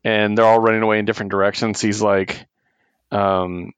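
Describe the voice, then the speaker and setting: A man co-hosting a comic book podcast, retelling a story in a casual, animated way and laughing often. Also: on the low side, moderate pace, clear, resonant tone, no echo. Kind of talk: casual chat.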